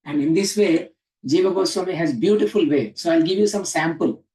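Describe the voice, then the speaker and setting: A man's voice: fairly high pitch, fairly quick, a little mellow, far from the mic. A man teaching a class on Sanskrit grammar, explaining step by step and quizzing the students. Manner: explanatory, asks the class questions, frequent "uh" and "huh?". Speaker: teacher of scripture. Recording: echoey room, speaker away from mic.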